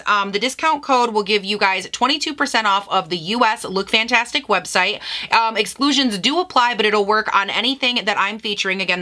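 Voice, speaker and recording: A woman hosting a casual makeup haul vlog, gushing and excitable, gasping over each item. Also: fairly high pitch. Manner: gushing, excitable, swears mildly, gasps often. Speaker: beauty vlogger.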